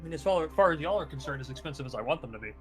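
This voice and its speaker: A man's voice: a little high, lively intonation, very fast, loud music behind the voice. A man running a casual tabletop game as dungeon master, answering players with dry teasing.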